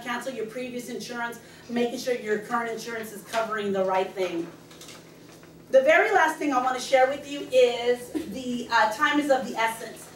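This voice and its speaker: Fast, excited woman speaking in an echoey room. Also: on the high side, slight background noise. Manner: fast, excited, loud when passionate. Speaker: real estate agent guest speaker. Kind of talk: training talk to a team meeting. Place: meeting room. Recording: echoey room, speaker far from the camera mic.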